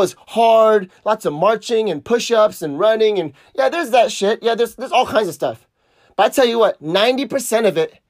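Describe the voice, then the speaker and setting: A middle-aged man hosting a podcast, telling a story in a casual, profane, animated way. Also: high voice, no echo, clean studio sound. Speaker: podcast host.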